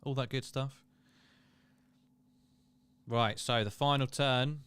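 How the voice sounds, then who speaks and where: A man's voice: medium pitch, steady tone, slow, fairly bright tone, smooth, no room sound. A man hosting a casual live watchalong, chatting and reading viewer comments aloud. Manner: chatty, reads chat aloud, laughs and exclaims. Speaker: livestream host.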